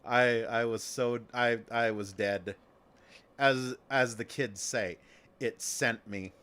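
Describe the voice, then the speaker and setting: Male game streamer, casual rambling chat, jokey, middle pitch. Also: steady tone, takes it slowly, a bit bright, clear, resonant tone. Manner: rambling, jokey, swears, chants and talks to chat.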